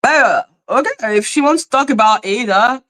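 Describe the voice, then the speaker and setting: A woman's voice: fairly high pitch, expressive, moderate pace, a bit bright. A woman hosting a casual livestream, chatting loosely, exclaiming and greeting viewers by name. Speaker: livestream commentary host.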